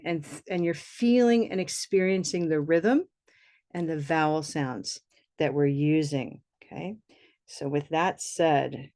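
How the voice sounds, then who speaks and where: A woman teaching pronunciation on a video call, relaxed and chatty, leading repetition drills. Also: on the low side. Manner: relaxed, chatty, laughs easily.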